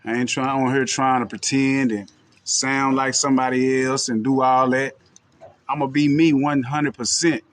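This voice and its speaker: A man's voice: mid-range voice, little pitch movement, normal speed. A man from Texas with a country twang, talking casually and directly to his livestream viewers, with loose, street-casual phrasing. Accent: Texan. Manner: loose, street-casual and direct, with frequent "you know what I'm saying". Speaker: livestream host.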